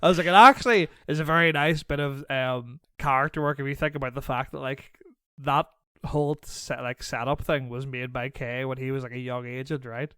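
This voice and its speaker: A man co-hosting a casual podcast chat, laughing often and retelling scenes with animated energy. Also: medium pitch, brisk, smooth, no room sound. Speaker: podcast co-host.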